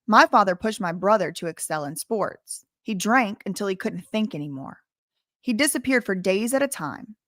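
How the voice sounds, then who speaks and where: A woman's voice: mid-range voice, expressive, normal speed, fairly bright tone, dry recording. Woman commentator, reads passages aloud then drifts into chatty asides; dry, close recording. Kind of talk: reading a memoir aloud with casual commentary.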